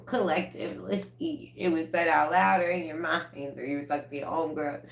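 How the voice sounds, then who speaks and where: Low-pitched woman reading tarot cards for her viewers, blunt and profane and laughing a lot. Her deep voice rings in an echoey room, and she talks in a loose, casual way. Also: normal speed, vocal fry. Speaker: tarot reader.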